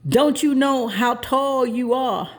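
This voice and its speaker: A woman's voice: sits high, takes it slowly. A woman voicing a stern, impatient schoolteacher who barks orders at a child. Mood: snapping. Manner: snapping, barking commands.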